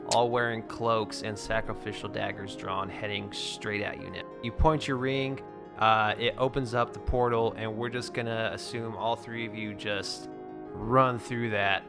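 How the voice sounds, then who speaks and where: A man narrating as game master in a tabletop game, relaxed and full of fillers and restarts. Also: mid-range voice, a little slow, music in the background.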